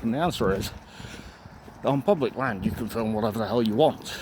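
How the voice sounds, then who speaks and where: A man's voice: fairly low pitch, lively intonation, fairly quick, long pauses. A young man walking outdoors and talking to his camera in a rambling casual vlog, slightly out of breath, with many fillers and restarts. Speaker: vlogger. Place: outdoors on a residential street. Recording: outdoor street noise, passing cars.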